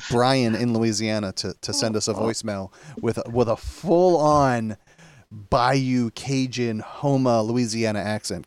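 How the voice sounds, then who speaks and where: A man's voice: medium pitch, no echo. A man hosting a podcast in casual chat, easygoing and agreeable. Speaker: podcast host.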